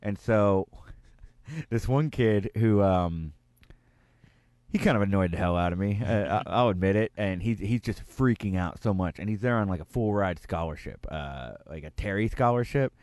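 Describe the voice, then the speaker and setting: A young man hosts a casual radio chat. He tells stories in an animated way and laughs often. His voice is mid-pitched and recorded dry. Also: moderate pace, dry recording. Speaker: radio host.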